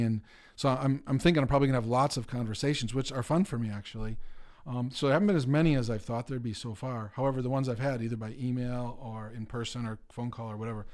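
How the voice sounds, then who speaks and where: A quick-talking man at a middle pitch, speaking candidly as a pastor in casual chat. He rambles a little and restarts phrases in a loose, conversational way.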